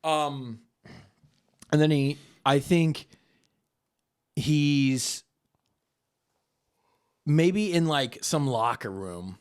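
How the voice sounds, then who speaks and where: A man co-hosting a podcast, pitching a movie in casual comedic chat and slipping into goofy put-on voices. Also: drawn-out words, long pauses, clean tone. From born in Japan. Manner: playful, slips into goofy put-on voices and shouts.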